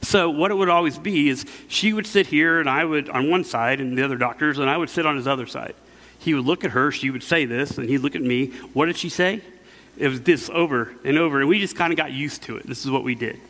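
A middle-aged pastor preaches in a relaxed, conversational way, stumbling over fillers and restarts as he tells stories. His voice sits at an ordinary pitch for a man and carries a long reverb from a church hall. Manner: casual storytelling with many fillers and restarts. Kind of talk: conversational sermon.

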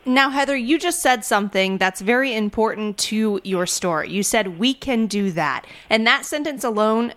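A woman's voice: a little high, a bit bright. A woman hosting a sponsored radio interview, upbeat and promotional.

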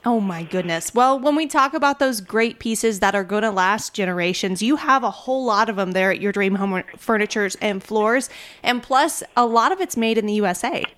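A woman's voice: mid-range voice, normal speed, fairly bright tone. A woman hosting a sponsored radio interview, upbeat and promotional.

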